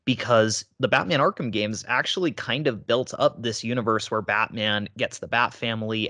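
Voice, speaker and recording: A man co-hosting a casual talk show, explaining his points in a measured, steady way. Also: lowish voice, no echo, studio quality. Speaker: podcast co-host. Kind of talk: casual discussion.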